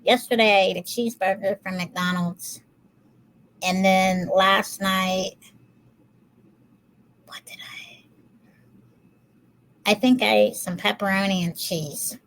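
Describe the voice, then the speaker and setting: Female podcast co-host, average pitch, easygoing and self-mocking. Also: slow pace, long pauses, a bit bright, poor audio. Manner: self-deprecating, laughs easily. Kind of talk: casual chat.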